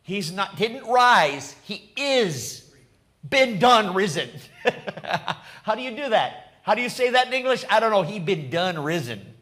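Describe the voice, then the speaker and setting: Expressive high-voiced man preaching slowly. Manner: dramatic storytelling with sudden drops to a low hush and loud bursts; laughs often and talks directly to the congregation. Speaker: pastor. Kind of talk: sermon.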